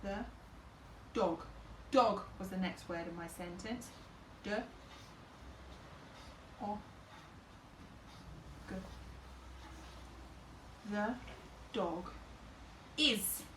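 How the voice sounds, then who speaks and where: A woman teacher in a phonics lesson for young children, slowly sounding out each word and talking herself through it. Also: mid-range voice, fairly bright tone. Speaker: infant school teacher. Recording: roomy and a bit distant, faint background hum.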